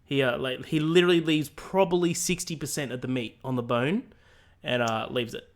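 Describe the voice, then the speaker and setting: A man's voice: medium pitch, brisk. A man hosting a podcast in a loose, jokey way, swearing freely. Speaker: podcast host. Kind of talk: casual chat.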